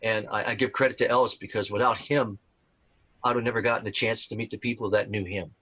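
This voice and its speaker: Older guy rambling through stories, lots of uhs, lowish voice, kinda muffled recording. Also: fairly even intonation, fast, pushed and bright, husky, no room sound. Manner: rambling, many fillers and restarts. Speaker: interview guest, tribute performer. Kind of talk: casual storytelling interview. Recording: dull lo-fi sound.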